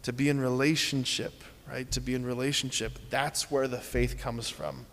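A man's voice: mid-range voice, steady tone, moderate pace, a bit bright, long reverb tail. A man preaching a sermon, earnest and repeating key phrases as he leads the congregation through simple exercises.

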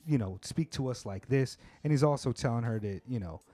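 A man's voice: medium pitch, a little fast, dark tone. A man hosting a podcast, talking at length in a laid-back, talkative way and swearing a lot. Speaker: podcast host. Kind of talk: casual chat.

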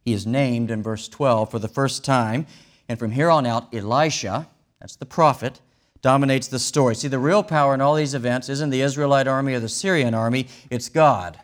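A man's voice: medium pitch, moderate pace. A man preaching a sermon, explaining a scripture passage in a wry, conversational way with vivid retellings. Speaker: pastor.

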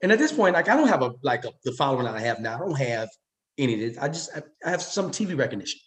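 A man's voice: medium pitch, very animated, rapid-fire. A man from Louisiana, a comedian guest, telling a story animatedly and acting out the dialogue. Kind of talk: storytelling in an interview.

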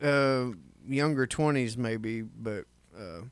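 A man's voice: medium pitch, slow, smooth, no echo, studio quality. A man co-hosting a casual podcast, joking around and slipping into silly voices. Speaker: podcast co-host. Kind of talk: casual chat.

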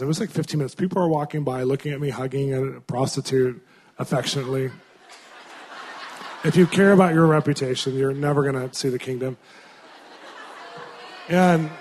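A man, a Christian minister, telling stories in a sermon in an animated, conversational way. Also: mid-range voice, a little hiss or hum. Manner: animated, conversational storytelling with frequent laughs. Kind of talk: storytelling sermon.

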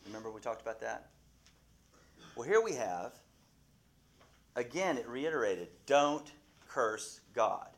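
A man's voice: mid-range voice, sing-song, moderate pace, gravelly, long pauses. A man teaching a Bible class, asking his listeners questions and often restarting his sentences.

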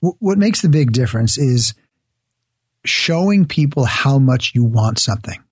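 A man's voice: medium pitch, expressive, normal speed, husky, no echo, studio quality. A man speaking as an interview guest, earnestly explaining his ideas through examples in a conversational way.

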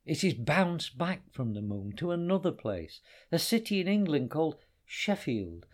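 A man's voice: big pitch swings, moderate pace. A man doing a panicky blinded photographer. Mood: pleading. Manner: high panicked wailing pleas. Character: frightened blinded male photographer, panicky and pleading.

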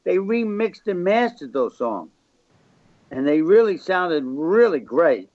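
A man's voice: high voice, sing-song, takes it slowly, a little mellow, no room sound. An older man, a record label founder, telling rambling anecdotes as a guest in a casual interview. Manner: rambling anecdotes, gravelly chatty delivery. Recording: slightly muffled dry recording.

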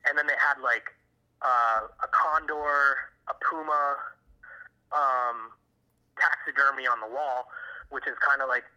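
A man tells his brother a long, winding story over a phone call. His voice is very bright and sharp. He swears freely and leans on fillers as he rambles. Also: medium pitch, steady tone, a little slow, long pauses. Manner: rambling, profane, heavy fillers. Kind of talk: casual chat.

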